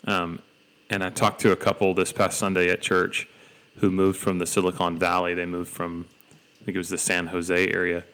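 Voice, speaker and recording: A man's voice: sits low, completely flat delivery, moderate pace, a bit bright. A young man from Georgia talking casually on a podcast, telling stories with many fillers and restarts. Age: young adult. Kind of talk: casual conversation.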